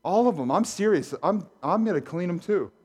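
A middle-aged man preaching a sermon as pastor, animated and jokey, talking straight to his congregation in a church. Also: high-pitched, moderate pace, slightly rough. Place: church sanctuary.

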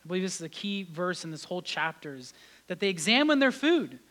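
A man preaching a sermon as pastor, animated, rising loud on key points and dropping to a quiet tone in reflective moments. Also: high voice, a little fast. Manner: acts out biblical voices in his telling.

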